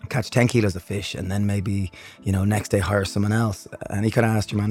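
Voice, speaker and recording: A man's voice: lowish voice, a little fast, faint music behind. A man with an Irish accent, a podcast guest, telling stories casually and acting out what people said. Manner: animated, acts out quotes in others' voices. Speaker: guest, business owner. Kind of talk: casual storytelling chat.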